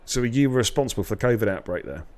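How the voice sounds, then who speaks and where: A man's voice: mid-range voice, animated, rapid-fire, a little mellow. Male co-commentator, English, casual banter, jokey. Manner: joking, chatty banter with co-host. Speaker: sim racing commentator. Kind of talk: casual live stream commentary.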